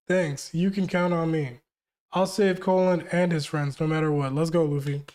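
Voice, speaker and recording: A man's voice: on the high side, steady tone, moderate pace, a little mellow. A young man hosting a live manga reaction, reading lines aloud and reacting in hyped, slangy bursts. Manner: hyped, slangy, reads quotes then reacts.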